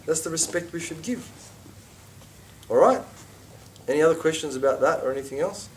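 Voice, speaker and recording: Man, middle-aged, teaching a casual religious class; animated and chatty, slightly high voice, a bit off-mic. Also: a little fast, distant mic, a little hiss or hum. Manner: animated, conversational, with asides and mock quotes. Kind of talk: informal class lecture.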